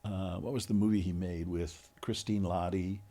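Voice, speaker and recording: Low-voiced man hosting a podcast. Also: steady tone, moderate pace, mellow. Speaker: podcast host. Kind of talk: podcast interview.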